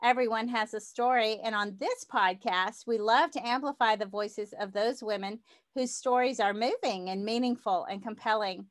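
A woman's voice: a little high, normal speed. A woman with a Southern accent, hosting a business podcast and chatting with a guest in a bubbly, enthusiastic way, laughing often. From Louisiana, US South. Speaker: podcast host. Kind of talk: casual interview chat.

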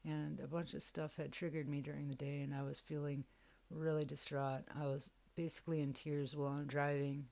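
A woman's voice: deep voice, little pitch movement, a little fast, vocal fry, few pauses, warm tone. A young woman hosting a podcast, telling a personal story in a candid, casual way and swearing freely. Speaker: podcast host.

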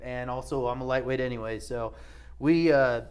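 A man's voice: mid-range voice, steady tone, normal speed, clear, resonant tone. A man co-hosting a podcast, telling rambling, profane stories in casual chat. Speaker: podcast co-host.

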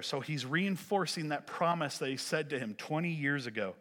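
Guy preaching a sermon, high voice, goes loud then real quiet, big echoey room. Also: moderate pace, few pauses. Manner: animated, swinging between loud emphasis and hushed lines. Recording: echoey hall.

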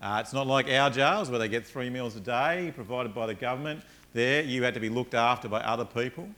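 A man preaching a sermon as a pastor, telling Bible stories in an animated way and acting out the characters. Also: medium pitch, fairly quick. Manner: animated storytelling, acts out characters.

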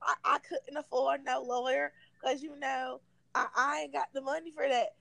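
A woman's voice: high-pitched, level tone, creaky, no room sound. A woman mimicking the accent of a flustered woman making excuses for herself. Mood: sheepish. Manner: drawn-out, countrified way of talking.

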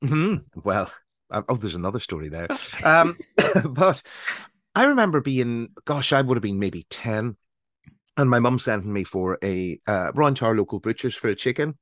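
A man's voice: medium pitch, big pitch swings, moderate pace, fairly bright tone, no room sound, clean studio sound. A man in his forties with a Northern Irish accent, co-hosting a podcast and telling rambling personal stories. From Northern Ireland. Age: 40s. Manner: rambling, anecdotal storytelling. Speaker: podcast co-host. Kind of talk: casual chat.

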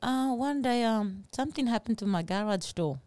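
A woman co-hosting a podcast, telling stories in an animated, earnest way with simple phrasing. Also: fairly high pitch, normal speed, clear, resonant tone, no echo. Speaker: podcast co-host. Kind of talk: casual chat, storytelling.

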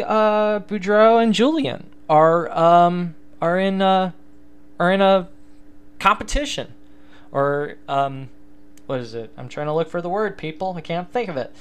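A young man hosting a casual solo sports podcast, rambling and self-deprecating, with many fillers and restarts. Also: mid-range voice. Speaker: podcast host.

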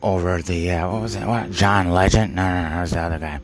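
A man rambling through an absurd monologue, halting and stammering, full of fillers and offhand swearing. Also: low voice, fairly even intonation. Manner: halting, stammering, repeats words, heavy fillers; profane, offhand. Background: music.

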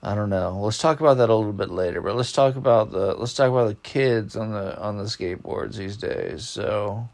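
A man's voice: lowish voice, brisk, hardly any pauses, darkish tone. A man hosting a podcast in casual chat, rambling in laid-back slang and yawning as if sleepy. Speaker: podcast host.

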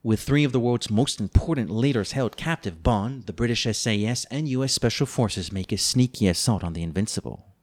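A man's voice: medium pitch, a little fast, a little mellow. A man co-hosting a book-review podcast, reading a plot summary with playful, teasing, mock-dramatic asides. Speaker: podcast co-host.

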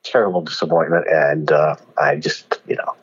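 A man telling anecdotes as an interview guest, animated and often laughing as he acts out what people said. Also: extremely low pitch, moderate pace, slightly rough, lo-fi sound. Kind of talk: storytelling interview.

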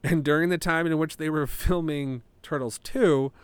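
Rambling podcast guy, smooth dry voice. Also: on the high side, fairly even intonation, moderate pace, dry recording. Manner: rambling, filler-heavy, swears casually. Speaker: podcast host. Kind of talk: casual solo podcast chat.

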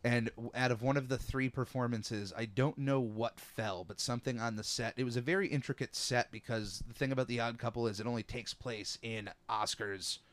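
A young man hosting a podcast, telling stories in a casual, animated way. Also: mid-range voice. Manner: animated storyteller, quick asides. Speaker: podcast host. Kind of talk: casual chat.

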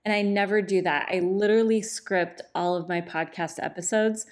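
A middle-aged woman hosting a podcast, talking off the cuff in a relaxed, chatty way, with many fillers, into a microphone. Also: medium pitch, moderate pace. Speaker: podcast host and divorce coach.

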